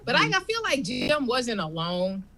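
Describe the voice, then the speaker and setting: High-voiced woman riffing stand-up. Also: huge pitch swings, measured pace, pushed and bright. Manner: rambling, conversational, riffing. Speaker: stand-up comedian. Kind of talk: stand-up comedy storytelling.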